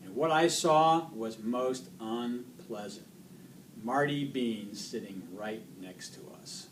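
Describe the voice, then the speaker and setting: A man reading a children's book aloud in an expressive storytelling voice. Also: medium pitch, slow. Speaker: reader. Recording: distant mic, faint noise.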